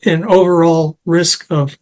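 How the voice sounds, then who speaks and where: A man's voice: on the high side, fairly even intonation, a little slow. A man being interviewed as a health science expert, talking in a digressive way and mixing anecdotes with technical detail. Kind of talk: conversational interview.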